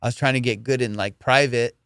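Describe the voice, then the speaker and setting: A man's voice: mid-range voice, steady tone, quick pace, a bit bright, clean tone, no room sound, clean studio sound. A man hosting a comedy podcast, swearing freely and telling stories in casual, teasing chat. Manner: profane, storytelling, teasing. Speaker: podcast host.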